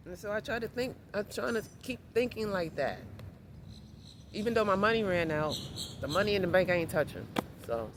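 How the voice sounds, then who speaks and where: A woman's voice: medium pitch, animated, fairly quick. A woman vlogging in casual talk, rambling and repeating reassurances to herself. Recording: noisy outdoor street recording.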